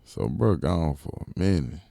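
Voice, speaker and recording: A man with a very low, gravelly voice spins a funny story in casual chat. He laughs often and acts out the other people in his story. The sound is dry and close. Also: normal speed, no echo. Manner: animated, laughs often, swears freely, quotes friends in raised voice. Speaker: podcast co-host.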